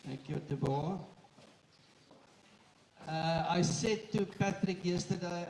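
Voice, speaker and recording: Man, high-pitched, chairman welcoming an audience, joking, halting; recorded from afar with faint noise. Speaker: company chairman giving a welcome speech. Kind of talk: live event welcome speech. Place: indoor event room with an audience. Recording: echoey room, far from the mic, faint noise.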